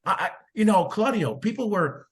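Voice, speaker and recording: A man hosts a podcast in easy conversational chat. His voice sits a little high and shoots higher still as he gets excited. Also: moderate pace. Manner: excitable, voice climbs high when animated. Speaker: podcast host.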